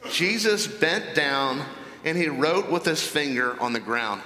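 A man preaching a sermon, explaining a Bible passage in a deliberate, emphatic way. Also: on the high side, animated, pushed and bright. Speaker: pastor. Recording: echoey hall with long reverb.

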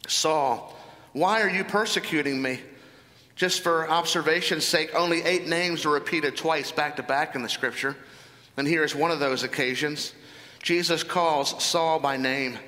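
A man's voice: a little high, bright, forceful tone, big-room sound. A man preaching a sermon as pastor, earnest and full of rhetorical questions.

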